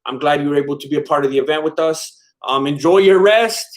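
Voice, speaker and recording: A man's voice: fairly high pitch, fast. A man hosting a live stream in casual chat, rambling and laid-back as he reacts to viewer comments. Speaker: livestream host.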